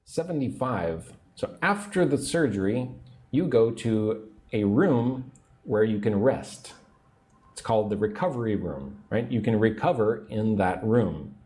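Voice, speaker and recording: Guy teaching english phrases real slow, warm low voice, up and down a lot. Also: expressive. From United States. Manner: slow, patient, repeats phrases for learners. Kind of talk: livestream English lesson.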